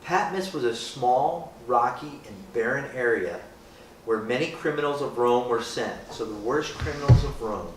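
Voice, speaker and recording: A man's voice: mid-range voice, expressive, moderate pace. Man, casual Bible talk to a group, rhetorical questions, joking asides, distant mic, echoey room, faint hiss. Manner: conversational, asks rhetorical questions, often adds "right?"; jokey, acts out people's reactions. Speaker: speaker leading a group.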